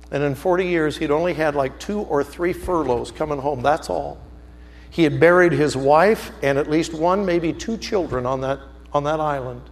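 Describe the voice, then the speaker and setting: A man preaching a sermon as a story, animated, swinging from loud outbursts to hushed, slow emphasis. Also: on the high side, creaky, in a large hall.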